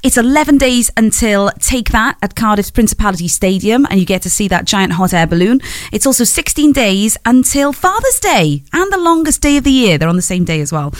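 A woman's voice: on the high side, sing-song, a little fast, no room sound. A woman presenting morning radio in a chatty, rambling way, laughing easily between asides. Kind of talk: breakfast radio chat. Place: radio studio. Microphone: studio microphone.

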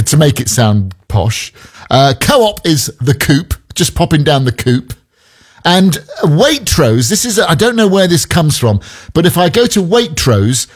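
A man hosting a radio show, talking playfully and conversationally with asides to listeners. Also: fairly high pitch. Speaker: radio host. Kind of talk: chatty radio presenting. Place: radio studio.

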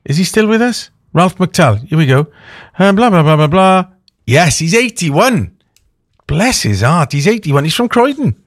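A man's voice: fairly high pitch, big pitch swings, measured pace, dry recording, clean studio sound. Chatty man hosting radio. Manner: chatty, anecdotal, thinks aloud with fillers. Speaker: radio host. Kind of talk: casual radio chat.

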